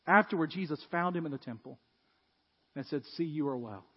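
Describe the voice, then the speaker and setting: A man preaching a sermon as pastor, telling stories and becoming animated as he retells a scene. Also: fairly high pitch, a little fast, breathy edge. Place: church. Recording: dull, echoey church hall.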